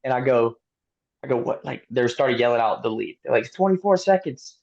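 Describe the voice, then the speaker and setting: Man, guest athlete, casual storytelling, animated, dull lo-fi audio. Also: medium pitch, brisk, creaky. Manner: animated, laughs often, lots of fillers. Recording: dull lo-fi sound.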